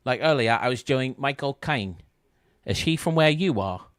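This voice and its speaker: A man's voice: medium pitch, lively intonation, normal speed, clean tone, dry recording, clean studio sound. A man streaming a baseball game, rambling and joking casually with his chat. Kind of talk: casual chat while playing.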